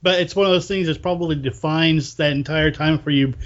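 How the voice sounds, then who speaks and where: A man's voice: a little high, fairly even intonation, a little fast, dull audio. A man interviewing a guest in a casual chat, often stammering and restarting.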